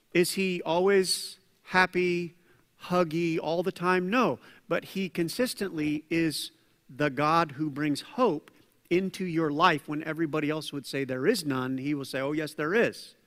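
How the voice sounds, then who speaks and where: A man preaching a conversational sermon as pastor, acting out quoted voices with lively asides. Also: fairly high pitch. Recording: long hall reverb.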